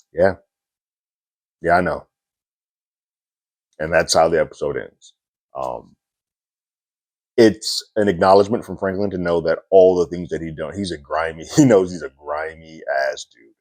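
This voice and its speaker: Low-voiced man recapping an episode. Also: no echo. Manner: loose and conversational, frequent fillers and little laughs. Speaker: TV episode reviewer. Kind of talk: casual recap and review.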